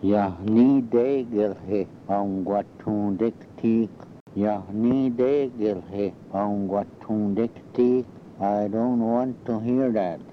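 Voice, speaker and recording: A man teaching a language, who says each phrase twice and then translates it. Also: drawn-out words. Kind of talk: slow language lesson recording. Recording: dull lo-fi recording with faint rumble.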